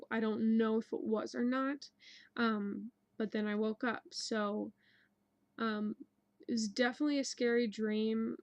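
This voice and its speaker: A young woman tells a personal story in a casual, rambling way, full of fillers and restarts. Her voice sits a little high. The sound is dry and close, with no room around her. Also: no echo, low-quality recording. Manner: rambling, many ums and likes. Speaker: dream narrator.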